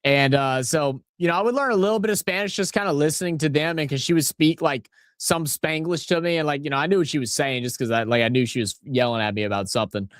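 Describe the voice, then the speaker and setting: A fast-talking man with a higher voice barely pauses, his speech captured dry in clean studio sound. Hosting a watch-along with a New Orleans accent, this New Orleans, USA native rambles profanely and excitably over a live match, telling stories as he goes.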